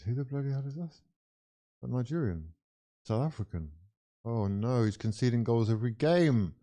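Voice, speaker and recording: A young man with a voice on the low side commentates live on a football match for his viewers as a watch-along streamer. He is excitable, chatting along and exclaiming constantly.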